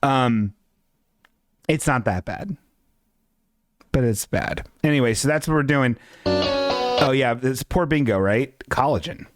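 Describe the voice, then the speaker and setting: A man's voice: mid-range voice, slow, long pauses, over loud music. A man hosting a casual comedy stream, rambling and self-mocking, with some swearing. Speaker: host.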